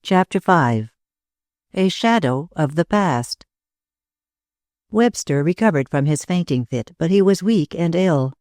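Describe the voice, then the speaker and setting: Narrator, measured classic-novel reading, dry close sound. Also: medium pitch, expressive, a little mellow, no room sound. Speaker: audiobook narrator. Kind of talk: scripted narration.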